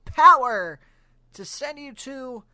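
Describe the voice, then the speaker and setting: A man voicing a fussy little male robot sidekick, high and loud in a quick impression. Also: dry recording, heavily acted. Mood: frantic. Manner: high, loud, excited quoting.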